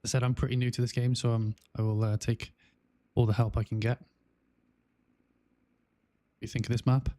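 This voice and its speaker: A man's voice: mid-range voice, little pitch movement, brisk, pauses often, dark tone, no room sound. A man with a South Welsh accent chatting casually on a gaming livestream, rambling with lots of fillers and restarts. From South Wales. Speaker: gaming streamer.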